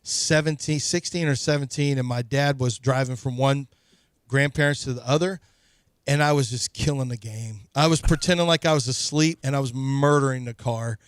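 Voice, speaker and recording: A man's voice: mid-range voice, normal speed, clear, resonant tone, dry recording. A man co-hosting a sports radio show, telling a story in casual banter and laughing as he goes. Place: radio studio.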